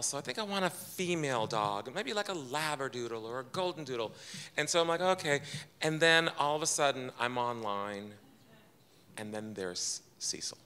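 A man's voice: mid-range voice, sharp tone, clear, resonant tone. A man telling a personal story to a live audience in a chatty, self-deprecating way, acting out what others said. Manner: chatty, self-deprecating, quotes people in his own voice. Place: event room with audience.

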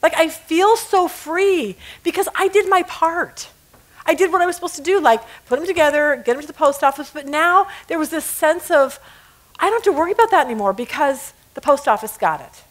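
A woman's voice: sits high, lively intonation, brisk. A middle-aged woman teaching a women's Bible study, telling stories and acting out quotes, laughing at her own jokes.

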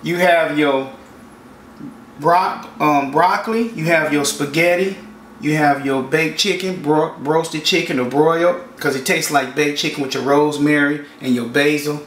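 Unhurried and fairly bright, a man's slightly high voice leads a casual home cooking show as he explains each step in his kitchen. Sizzling and frying from the pan come through, and the room echoes with the mic placed far off.

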